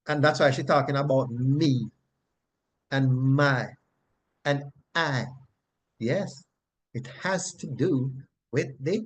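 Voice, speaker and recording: A male Bible teacher explaining grammar in a lesson, often pausing to check in with "right?". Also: on the high side, a little mellow, a little hiss or hum.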